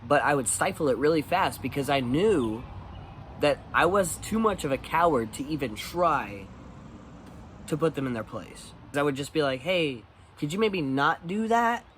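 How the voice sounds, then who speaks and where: A man's voice: medium pitch, expressive, moderate pace, a bit bright, slight background noise. A man talking candidly in a casual vlog monologue, blunt and swearing freely. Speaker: vlogger.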